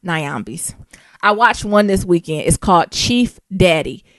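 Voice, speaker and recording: An American woman co-hosting a podcast in casual chat, slangy and animated, laughing often and spelling words out. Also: lowish voice, a little slow, no echo, clean studio sound. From United States. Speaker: podcast co-host.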